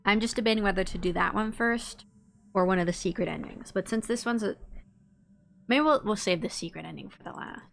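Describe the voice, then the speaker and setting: A woman's voice: medium pitch, a little fast, gravelly. A woman streaming a story game, chatting casually and thinking aloud at a desk microphone as she picks options. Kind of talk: casual gameplay commentary.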